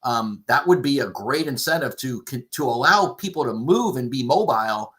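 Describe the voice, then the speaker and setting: Bright-voiced man hosting a mortgage talk. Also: medium pitch, expressive, normal speed. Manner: hesitant, repeats words, asks questions. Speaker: mortgage show host. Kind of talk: casual live show discussion.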